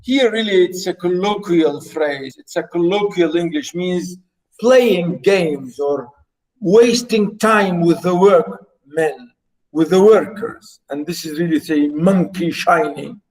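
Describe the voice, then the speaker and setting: A man's voice: high voice, a little mellow, low-quality recording. A man teaching literature, explaining a play line by line and rephrasing his points often. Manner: repetitive, rephrasing, halting with fillers.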